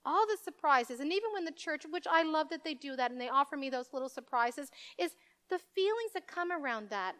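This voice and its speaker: A woman pastor gives a children's sermon in a high voice. She tells the story with animation and slips into little voices for the characters. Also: expressive, brisk, a bit bright.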